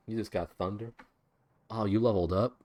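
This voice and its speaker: A man joining a game stream over a call, with dry, teasing, low-key banter. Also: normal speed, a little mellow, no echo. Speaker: co-player on a call. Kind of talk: casual gaming banter.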